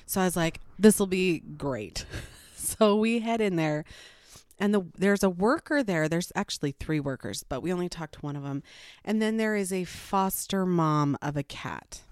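A mother telling a personal story to camera in a casual, animated way, with rambling asides and frequent laughs. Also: fairly low pitch, moderate pace, clear, resonant tone, no echo, studio quality.

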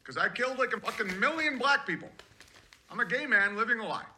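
A man's voice: very high voice, lively intonation, quick pace, bright, forceful tone, a little hiss or hum, full character voice. Man doing a mocking impression of a former president. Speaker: caller. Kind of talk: crude parody call-in impression.

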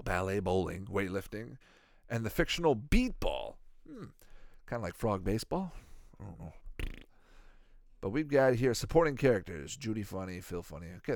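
A man in his thirties with a lowish voice hosts a reaction video, watching a cartoon and riffing with rambling, foul-mouthed jokes. The recording is clean studio sound without any room ambience.

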